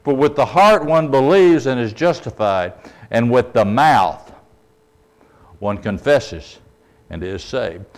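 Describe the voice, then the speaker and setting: A man preaching a sermon, emphatic, often checking in with the audience and letting his voice drop soft at the ends of phrases. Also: medium pitch, lively intonation, takes it slowly, long pauses.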